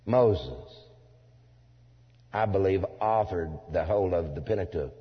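A man preaching a sermon to a congregation, swinging from loud declaiming to low asides, with folksy turns of phrase. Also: unhurried, slightly rough. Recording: dull lo-fi sound in a reverberant hall.

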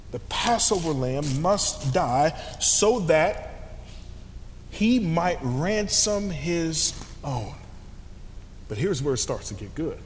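A man preaching a sermon, moving from hushed near-whispers to shouts, with slangy conversational asides. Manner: dynamic, swings from hushed to shouting. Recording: long hall reverb, faint rumble.

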